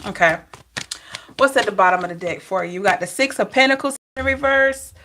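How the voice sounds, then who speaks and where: A woman's voice: medium pitch, lively intonation, brisk, bright, forceful tone, a little hiss or hum. Chatty Southern woman reading tarot. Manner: chatty, laughing, talking to live chat. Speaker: tarot reader. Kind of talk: live-stream tarot reading.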